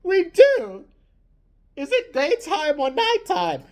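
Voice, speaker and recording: A frail, senile queen of great age wails in a high, tearful quaver, put on by a woman in a comedy rant. Her voice climbs far above normal and swings wildly. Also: huge pitch swings, takes it slowly, full character voice.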